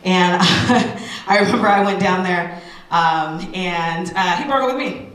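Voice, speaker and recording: A woman in her thirties, a radio personality, giving a candid personal testimony talk to an audience, animated and full of asides. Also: fairly low pitch, a little slow, heavy reverb, recorded from a distance, rough recording.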